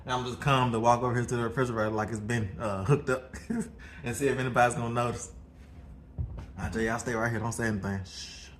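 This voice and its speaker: A man from Mississippi with a Southern US accent vlogs casually from his home kitchen as a father. His medium-pitched voice is steady and quick, and he chuckles and repeats words as he talks.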